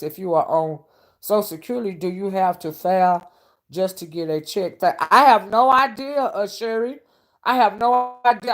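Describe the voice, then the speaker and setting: A woman vlogger chatting casually to her viewers, calling them honey and y'all and often asking if they see what she's saying. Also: mid-range voice. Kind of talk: casual live-stream commentary.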